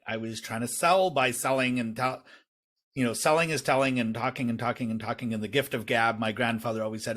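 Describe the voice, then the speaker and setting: A man hosting a podcast interview, talking in a relaxed way with many ums and you-knows. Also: mid-range voice, fairly quick. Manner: relaxed, uses many fillers like um and you know. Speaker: podcast host.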